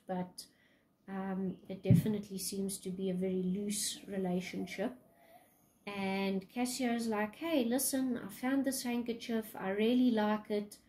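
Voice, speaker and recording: A woman's voice: mid-range voice, darkish tone, low-quality recording. A woman English teacher casually retelling a play in a lesson, chatty, with many fillers.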